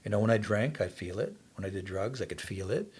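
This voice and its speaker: An older Canadian man, a podcast guest, shares his personal testimony in a relaxed interview, speaking earnestly and briskly. His voice sits somewhat low with a breathy edge, and he lets the story carry him along.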